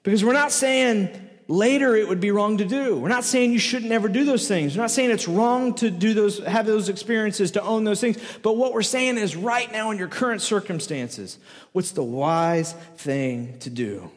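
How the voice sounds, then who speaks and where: A man preaching a sermon, hammering home repeated rhetorical questions in a lively, emphatic way. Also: high-pitched, moderate pace. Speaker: pastor. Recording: echoey hall with long reverb.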